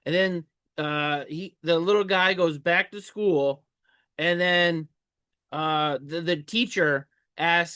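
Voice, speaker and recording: A man with a high voice co-hosts a podcast. He retells film scenes casually, halting and restarting as he goes. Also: fairly even intonation, sharp tone, clear, resonant tone. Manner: halting storytelling with fillers and restarts. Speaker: podcast co-host. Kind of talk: casual movie recap chat.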